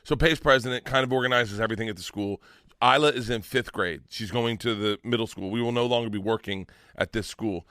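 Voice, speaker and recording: A middle-aged man telling a long story in casual chat, animated, swearing and laughing as he goes. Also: medium pitch, no room sound, studio quality. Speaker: comedian podcast guest.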